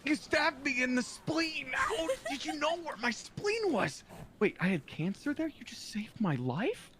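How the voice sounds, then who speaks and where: A woman acting out an improvised comedy skit with an exaggerated, over-the-top delivery. Her voice jumps around a lot in pitch, and steady noise sits behind her. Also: a little slow. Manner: exaggerated, bursts into shouts. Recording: noisy background.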